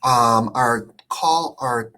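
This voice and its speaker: A man hosting a live-stream conversation on immigration, speaking hesitantly with many pauses and fillers over a video call. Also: mid-range voice, pushed and bright. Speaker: immigration attorney, host.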